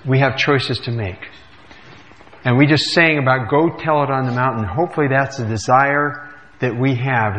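A man's voice: medium pitch, fairly bright tone. Man preaching in a reverberant church. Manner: conversational, with frequent "uh" fillers. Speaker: pastor. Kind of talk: sermon with scripture reading. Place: church sanctuary.

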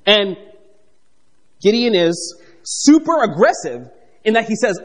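A man preaching a conversational, animated sermon, reading scripture and acting out the characters with playful asides. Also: extremely high pitch, a little slow, long pauses, big-room sound. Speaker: pastor.

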